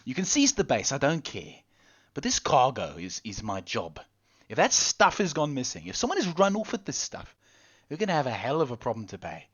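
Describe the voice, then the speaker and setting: A man's voice: mid-range voice, huge pitch swings, brisk, breathy edge, voice pushed up, full character voice. A man voicing a harried male naval dock officer who rambles in frustration. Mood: frustrated. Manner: exasperated, rambling and apologetic.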